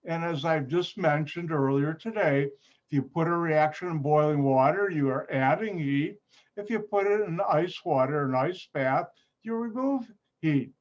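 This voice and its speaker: A man teaching an online chemistry lab, unhurried and breaking his sentences up with pauses. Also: fairly high pitch. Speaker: chemistry instructor. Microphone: computer mic on a video call. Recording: dull, muffled video-call audio.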